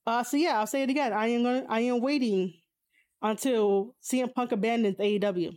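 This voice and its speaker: A woman with a slightly high voice rants casually, reading out viewers' comments and firing back at them. She swears bluntly, leans on fillers and laughs often, jumping into high exclamations when something surprises her. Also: steady tone, fairly quick, darkish tone. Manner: blunt and profane, frequent fillers. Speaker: streamer reading chat. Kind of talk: casual opinionated chat.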